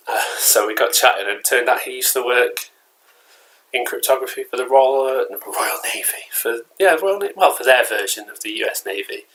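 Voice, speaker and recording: Bright-voiced chatty English man. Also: medium pitch, a little fast, rough recording. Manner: rambling and chatty, restarts and um fillers. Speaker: collectibles vlogger. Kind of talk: casual vlog chat. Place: at home, indoors.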